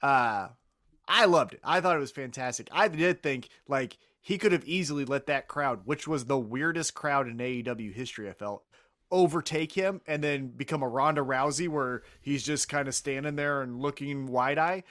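A man's voice: medium pitch, moderate pace, a bit bright, no room sound, studio quality. A man co-hosting a casual wrestling podcast, enthusiastic and blunt, swearing now and then. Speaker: podcast co-host.

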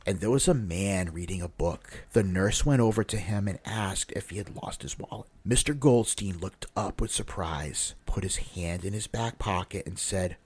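A man hosting a podcast, reading a story aloud in a steady, measured way and closing the episode. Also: deep voice, husky. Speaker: podcast host.

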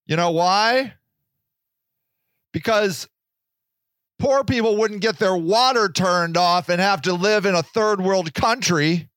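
A man's voice: slow pace, pauses often, fairly bright tone, no echo, clean studio sound. A man hosting a podcast in a casual, rambling monologue, joking and swearing as he goes. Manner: rambling, profane, jokey, with sudden pitch jumps. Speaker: podcast host.

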